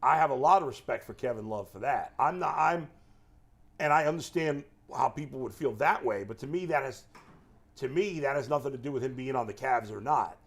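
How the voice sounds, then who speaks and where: A man's voice: medium pitch, a little fast, gravelly. A man co-hosting a casual sports talk show, candid and joking in banter. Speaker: co-host.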